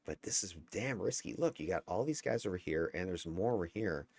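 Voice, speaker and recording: A man with a very low, deep voice talks through recorded gameplay in a casual, candid way. He chuckles now and then and swears lightly, and the sound is dry and close, with no room echo. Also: animated, a little fast, creaky, darkish tone, slightly rough. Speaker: gameplay commentator. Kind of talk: casual gameplay breakdown commentary.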